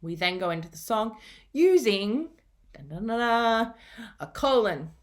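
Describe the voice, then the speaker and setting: A woman's voice: a little high, big pitch swings, unhurried. A woman teacher giving a recorded reading and grammar lesson, explaining patiently and going back over key points.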